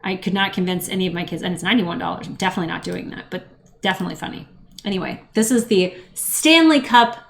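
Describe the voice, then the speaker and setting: A woman's voice: lowish voice, fast, creaky. A woman chatting casually as a podcast co-host, wry and rambling, with frequent asides. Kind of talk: casual chat.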